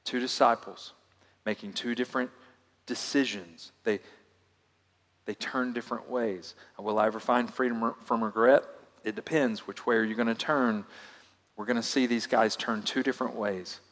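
Male pastor, mid-pitched voice, dynamic sermon delivery, long hall reverb. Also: steady tone, moderate pace. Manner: dynamic delivery, swinging from loud emphasis to hushed asides.

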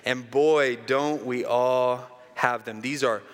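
A man preaching a sermon, telling a joke with animated, dramatic storytelling. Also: mid-range voice, takes it slowly, big-room sound.

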